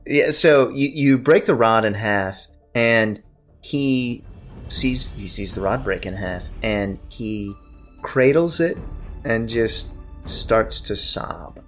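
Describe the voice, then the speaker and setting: A man narrating as game master of a tabletop game, describing scenes in a measured way. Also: medium pitch, soft background music.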